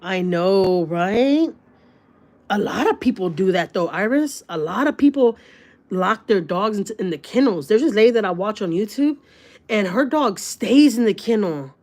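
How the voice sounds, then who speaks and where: A woman's voice: medium pitch, expressive, a little mellow. Woman, livestream host, casual chat, blunt and swearing, lots of fillers. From Texas, USA. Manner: blunt, swears freely, talks fast with many fillers.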